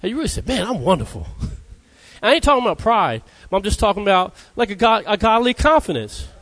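A man's voice: sits high, big pitch swings, fast, a bit bright. A man preaching a conversational sermon who keeps calling out "Amen?" to his listeners. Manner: conversational, calls out Amen to the congregation.

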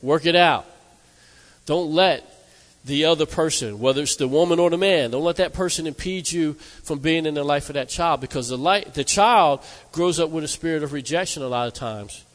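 A man's voice: a little high, moderate pace. Emphatic preacher man in a reverberant hall. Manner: emphatic, asks the congregation "amen?". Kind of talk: sermon.

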